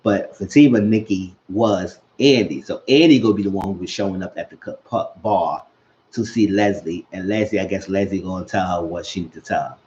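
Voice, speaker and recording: A man's voice: low voice, fairly quick, a little hiss or hum. A man casually recapping a TV episode, telling scenes and acting out the characters' quotes. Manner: animated, retells scenes, acts out quotes. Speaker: show recap host. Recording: dull lo-fi sound.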